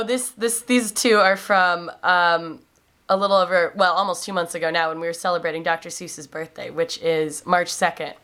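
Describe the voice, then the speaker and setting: A woman's voice: on the low side, fairly bright tone, clear, resonant tone. A young woman in her twenties, a classroom aide, casually telling funny stories in a vlog with frequent ums and a lift in her voice when quoting kids.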